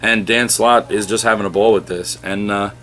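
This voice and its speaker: A man's voice: fairly low pitch, steady tone, normal speed, fairly bright tone. A man reviewing comic books in casual podcast chat, rambling and stammering through restarts.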